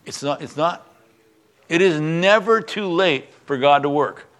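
A man's voice: fairly high pitch, measured pace, fairly bright tone. A male pastor preaching a sermon, reading a Bible passage aloud and then explaining it in a conversational teaching manner.

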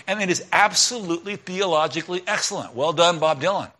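A middle-aged male pastor giving a conversational sermon, swinging between loud emphatic lines and quiet asides. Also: sits high, fast, few pauses.

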